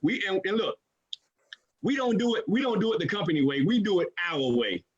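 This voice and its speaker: A man hosting a live video call, energetic and repetitive, hyping up the people on the line with call-and-response. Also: sits high, brisk, husky, lo-fi sound. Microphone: computer mic on a video call.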